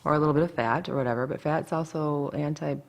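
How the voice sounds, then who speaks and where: A woman's voice: sits low, fairly even intonation, fast, vocal fry. A woman dietitian talking casually in an interview, blunt and chatty, full of asides.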